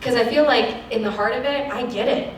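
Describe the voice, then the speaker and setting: An actress speaking frankly at a lecture, acting out the people she quotes in an animated way. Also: a little high, a little fast, slight background noise. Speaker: actress giving a guest lecture. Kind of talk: candid talk at a lecture Q&A. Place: lecture hall. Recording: echoey hall, distant mic.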